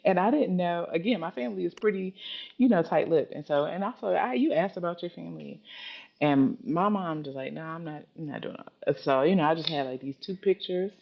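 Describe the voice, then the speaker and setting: Woman, thirties, Philadelphia accent, gravelly, storytelling guest, animated quoting, dull lo-fi sound. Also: on the low side, brisk. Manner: animated, dramatic quoting of others. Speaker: podcast guest. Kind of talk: casual storytelling chat. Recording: muffled lo-fi podcast audio.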